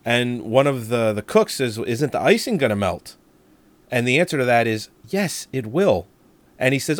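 A man's voice: medium pitch, big pitch swings, normal speed, dry recording. A man co-hosting a casual movie review podcast, recounting scenes and acting out quotes in conversation. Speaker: podcast co-host.

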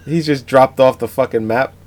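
A man's voice: medium pitch, steady tone, moderate pace, darkish tone. A man co-hosting a casual movie-review podcast who laughs often, swears freely and reads from his notes. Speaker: podcast co-host.

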